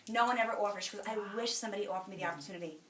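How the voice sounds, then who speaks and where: A woman's voice: mid-range voice, racing, a crowd in the background. A woman giving a motivational talk to a meeting, telling stories and acting out the dialogue. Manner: animated storyteller, acting out dialogue. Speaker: sales director speaking at a meeting. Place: meeting room. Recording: echoey room, from a distance, faint noise.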